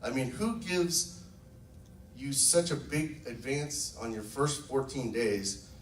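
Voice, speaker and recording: A man's voice: medium pitch, slow, a little hiss or hum. Enthusiastic man telling his story, roomy. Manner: enthusiastic, storytelling, acts out quotes. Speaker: network marketing distributor. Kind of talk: casual testimonial talk to a group. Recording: echoey room, mic from far off.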